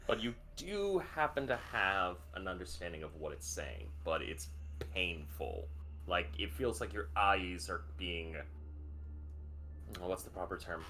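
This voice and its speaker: A man narrating a tabletop game as game master, vivid and expressive, with some swearing. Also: deep voice, unhurried, a little hiss or hum.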